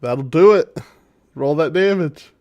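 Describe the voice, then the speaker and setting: Man, dungeon master, high voice, lively, laughs a lot, casual game narration. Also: measured pace, muffled recording. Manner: lively, laughs often, easygoing.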